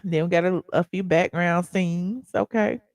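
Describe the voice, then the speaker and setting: A woman's voice: lowish voice, steady tone, a little slow, darkish tone, no echo, studio quality. A woman hosting a live celebrity gossip show, chatting casually and reacting to clips with a lot of "okay" and "honey".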